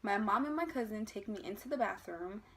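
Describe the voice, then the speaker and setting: A young woman from the United States telling a personal birth story to camera in a casual vlog, emotional and animated, acting out the voices of others. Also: medium pitch, fairly quick. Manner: emotional, animated retelling with acted quotes.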